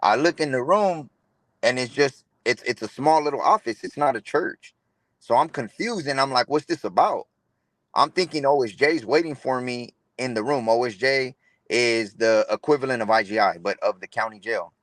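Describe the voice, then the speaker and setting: A man's voice: mid-range voice, moderate pace, a bit bright, no echo. A young man, telling a personal story in an interview in laid-back street slang, often saying "bro" and acting out what people said. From Los Angeles area, California. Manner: street slang, says "bro" a lot, retells dialogue. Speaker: interview guest.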